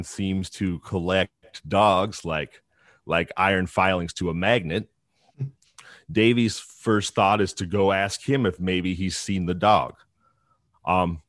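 A man with a deep, low-pitched voice tells a true-crime story loosely and conversationally, often restarting sentences and slipping in asides. The recording sounds dry and close, with little room echo.

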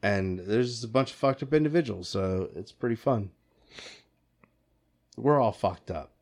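A man's voice: lowish voice, animated, measured pace, a little mellow. A man hosting a podcast, chatting casually with friends and swearing freely. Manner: profane, laid-back banter. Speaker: podcast host. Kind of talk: casual chat.

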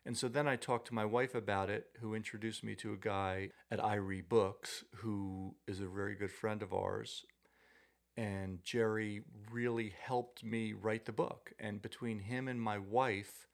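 Gravelly middle-aged man telling stories. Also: lowish voice, steady tone, normal speed. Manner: rambling anecdotal, self-deprecating. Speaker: podcast guest, former tennis coach. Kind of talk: casual storytelling chat.

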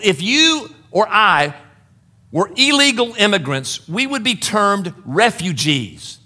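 Middle-aged pastor guy preaching, high bright voice, earnest, keeps saying folks. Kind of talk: sermon.

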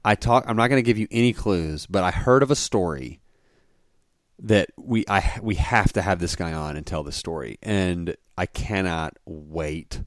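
A man in his thirties, a podcast co-host chatting casually and telling an animated story, often laughing. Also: low-pitched, normal speed, no room sound, studio quality. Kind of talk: casual chat.

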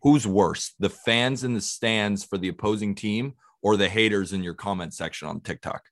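Male podcast host, lowish voice, easygoing interviewer. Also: moderate pace. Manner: relaxed, asks questions, laughs along. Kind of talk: casual chat.

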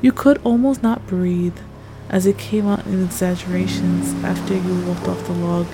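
A woman narrating a tense second-person audio story in a measured way. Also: lowish voice, steady tone, warm tone, poor audio. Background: music.

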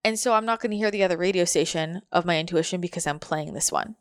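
A woman's voice: lowish voice, quick pace, dry recording, clean studio sound. A woman giving a casual, reflective motivational monologue, full of fillers like "like" and repeated phrases.

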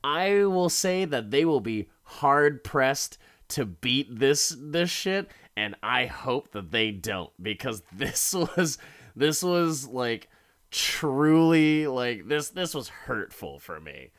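Young man, casual podcast recap. Drawn-out, deliberate delivery, profane and animated. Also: medium pitch. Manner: profane, animated, laughs while retelling. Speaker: podcast host recapping a horror episode.

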